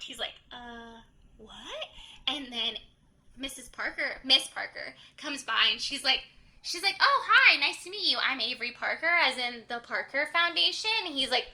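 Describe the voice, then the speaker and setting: Young woman podcast host, bright high voice, chatty plot recap with quick character voices. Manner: retells the plot, acting out the characters' lines. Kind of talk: casual book recap chat.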